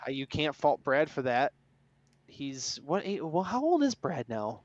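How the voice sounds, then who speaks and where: A man's voice: fairly high pitch, sing-song, measured pace, dry recording. A man co-hosting a podcast, chatting casually and with strong opinions about racing, laughing easily. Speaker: podcast co-host. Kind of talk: casual sports chat. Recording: dull, dry lo-fi sound.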